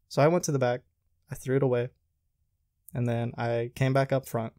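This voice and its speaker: Clean studio sound, dry with no reverb, captures a young male podcast host speaking a little fast at medium pitch. He's animatedly sharing restaurant job stories in casual conversation, performing the things people said.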